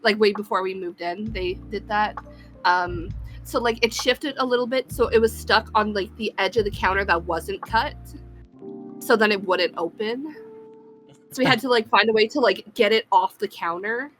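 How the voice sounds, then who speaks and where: Bright-voiced woman telling stories. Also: medium pitch, moderate pace, faint music behind. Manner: laughing storyteller, lots of fillers and swearing. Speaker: podcast co-host. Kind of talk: casual chat.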